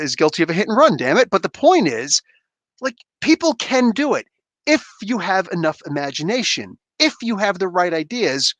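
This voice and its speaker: A man's voice: high-pitched, fairly bright tone, no room sound. A man hosting a livestream, emphatic and rambling as he talks casually with fans. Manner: emphatic, rambling, fan banter. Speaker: comic book reviewer, livestream host.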